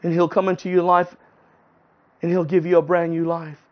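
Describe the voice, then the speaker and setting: A man voicing a calm, kindly male night custodian who speaks patiently and reassuringly. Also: a little high, moderate pace, close to an everyday voice. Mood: gentle. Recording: dull lo-fi recording.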